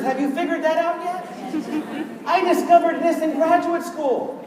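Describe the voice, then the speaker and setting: A man whose first language is Spanish, giving a humorous motivational keynote, animated and switching between English and Spanish. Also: very high voice, a little slow. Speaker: keynote speaker. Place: large conference hall. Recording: echoey hall from far off, loud crowd. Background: audience laughter and noise.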